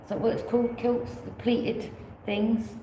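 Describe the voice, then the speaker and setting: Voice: mid-range voice, flat delivery, a little slow, mellow, roomy sound, a little hiss or hum, poor audio. A tarot reader giving a casual reading, rambling, repeating phrases and offering loose alternatives.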